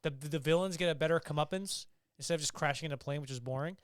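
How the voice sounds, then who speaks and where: A man's voice: a little high, quick pace, clean tone, no echo, clean studio sound. A young man co-hosting a podcast, chatting casually and animatedly, swearing and acting out scenes. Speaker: podcast co-host. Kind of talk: casual chat.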